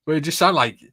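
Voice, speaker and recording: A man's voice: a little high, pushed and bright, no echo. A middle-aged man and scale model builder, chatting casually, reading out viewer comments and telling rambling anecdotes.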